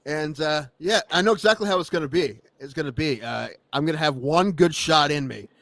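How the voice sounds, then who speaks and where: Fast-talking joking male co-host. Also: fairly high pitch, a bit bright, no echo. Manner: quick, playful banter. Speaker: podcast co-host. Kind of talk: casual podcast chat.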